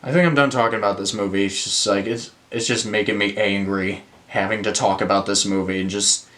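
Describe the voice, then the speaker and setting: A man's voice: on the low side, fairly even intonation, a little fast, a bit bright. A young man reviewing films in a casual rant, exasperated, swearing and using lots of fillers. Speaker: movie reviewer.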